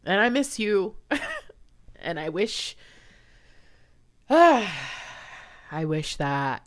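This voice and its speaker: A woman's voice: on the low side, big pitch swings, extremely slow, pauses often. A woman hosting her own channel, talking to viewers in a rambling, heartfelt casual chat and laughing often. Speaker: intuitive reader and channel host.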